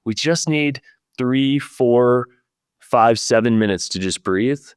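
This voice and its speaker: A man's voice: medium pitch, slow pace, clean tone, no echo, studio quality. A man hosting a leadership podcast, talking in an earnest, reflective way and speaking straight to his listeners. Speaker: podcast host.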